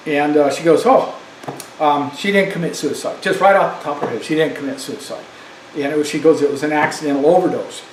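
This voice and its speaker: Brief: older male storyteller, rambling, fairly high voice, echoey room with faint hiss. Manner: rambling, many fillers and restarts. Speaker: vlogger. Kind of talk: casual storytelling monologue. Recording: roomy echo with faint background noise.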